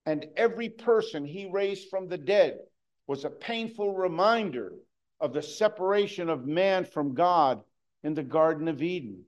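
A man preaching a sermon, earnest, moving between hushed and emphatic delivery. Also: a little high, animated, moderate pace.

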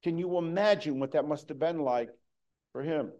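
A man preaching a sermon, earnest, moving between hushed and emphatic delivery. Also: on the high side, moderate pace, highs cut off.

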